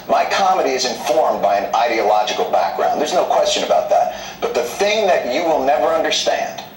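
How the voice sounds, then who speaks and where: Male comedian guest, lively and combative, echoey distant sound. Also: fairly high pitch, slight background noise. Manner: animated, argumentative, wry. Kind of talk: combative TV interview. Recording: echoey, slightly distant mic.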